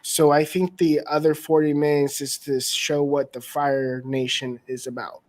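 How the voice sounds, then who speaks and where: Hesitant man with a higher voice. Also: unhurried. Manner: hesitant, many fillers, bursts of excitement. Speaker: podcast panelist. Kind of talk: casual chat.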